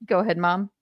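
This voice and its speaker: A woman's voice: lowish voice, no echo, dull audio. A woman co-hosting a casual comedy podcast, playful and laughing often as she mocks people in exaggerated voices. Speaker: podcast co-host.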